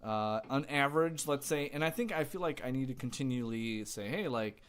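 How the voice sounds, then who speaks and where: Young dude co-hosting a podcast, lots of uh and like, rambly, mid pitch voice. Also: male voice, a little fast, a little hiss or hum. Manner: rambling, filler-heavy, easily laughing. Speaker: podcast co-host. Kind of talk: casual chat.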